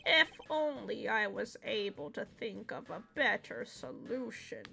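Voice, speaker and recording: A woman's voice: medium pitch, animated, measured pace, creaky, pushed and bright, slight background noise, full character voice. A woman voicing an elderly male ambassador in a put-on old man voice, humble and apologetic, reading game dialogue aloud. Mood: humble, regretful.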